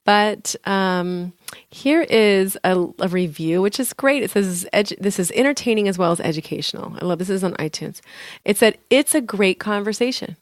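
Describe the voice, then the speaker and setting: A tired woman co-hosting a podcast in casual chat, talking in quick bursts and laughing often. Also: medium pitch, no room sound, clean studio sound. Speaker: podcast co-host.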